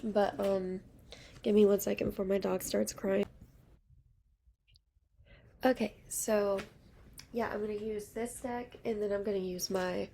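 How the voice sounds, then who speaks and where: Young woman, casual tarot reader, rambling and chatty, gravelly fry. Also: mid-range voice, steady tone, unhurried, pauses often, mellow, slight background noise. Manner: chatty, rambling, lots of fillers. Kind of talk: casual tarot reading to camera.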